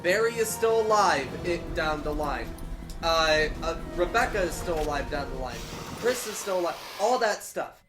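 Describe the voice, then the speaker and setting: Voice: mid-range voice, expressive, moderate pace, over music. A speaker in a casual game commentary who insistently corrects others, repeating the point.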